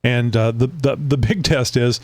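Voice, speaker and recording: A man from Southeast Texas, co-hosting a talk show in casual chat, pausing often with fillers and restarts. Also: medium pitch, darkish tone, no echo. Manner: halting, with many fillers and restarts. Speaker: podcast co-host.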